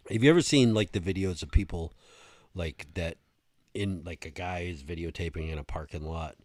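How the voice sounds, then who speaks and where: A man's voice: low voice, moderate pace, darkish tone, dry recording. A man co-hosting a podcast, telling stories in a casual, profane way on a close mic. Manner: storytelling, profane, laughing. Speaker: podcast co-host. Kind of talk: casual chat.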